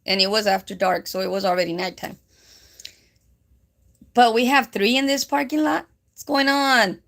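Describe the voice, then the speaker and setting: Gravelly-voiced woman in her fifties. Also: on the high side, fairly even intonation, moderate pace, long pauses, fairly bright tone. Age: 50s. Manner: chatty, rambling, with frequent fillers; mixes Spanish phrases into English. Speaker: live-stream host. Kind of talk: casual live-stream storytelling.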